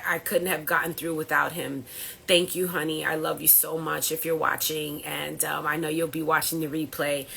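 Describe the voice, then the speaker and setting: A woman's voice: on the low side, pushed and bright, husky. A woman hosting a livestream as a health coach, speaking emotionally and earnestly while grieving. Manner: earnest, repetitive, pleading at times. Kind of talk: emotional livestream talk to viewers.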